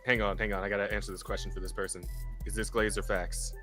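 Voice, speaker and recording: A man co-hosting a casual streamed podcast, talking in an animated way, swearing, laughing often and repeating words as he stumbles. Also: fairly low pitch, fast talker, soft background music. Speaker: podcast co-host.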